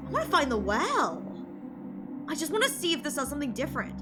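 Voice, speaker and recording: A young woman streaming a video game, reading its text aloud and reacting with excitable, dramatic outbursts. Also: high voice, fast, music in the background. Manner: excitable, laughing, dramatic shouts.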